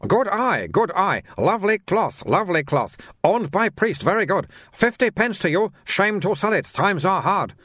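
A wheedling little bald shopkeeper, put on by a male narrator, pushing his wares in clipped, broken phrases. The voice sits high and loud, with a sing-song haggling lilt. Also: big pitch swings, normal speed, hardly any pauses, slightly rough, dry recording, studio quality, full character voice.

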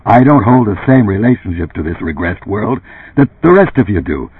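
A man reading an audiobook, voicing a heated, indignant middle-aged boss who pleads in loud, raised bursts. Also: on the low side, sing-song, normal speed, breathy edge, no room sound, full character voice. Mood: insistent. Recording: dry, tinny phone-like sound.

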